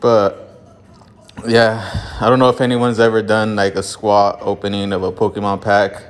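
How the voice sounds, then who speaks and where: A man's voice: lowish voice, level tone, a little fast. A man talking casually to camera in a home garage gym, out of breath from exercise, laid-back and profane, with lots of fillers. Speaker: vlogger opening card packs. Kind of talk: casual vlog talk to camera.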